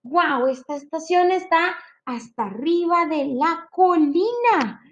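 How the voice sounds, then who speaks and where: A woman's voice: very high-pitched, expressive, a little slow, lo-fi sound. A woman teaching young children a lesson in an exaggerated, sing-song manner, imitating animal sounds. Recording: clear background noise.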